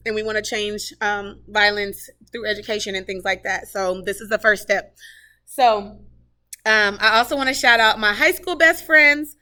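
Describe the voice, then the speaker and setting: A woman's voice: medium pitch, fairly even intonation, normal speed, pushed and bright. A woman who teaches third grade, giving a heartfelt, rambling tour of her classroom, talking casually with lots of fillers. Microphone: camera she carries while touring.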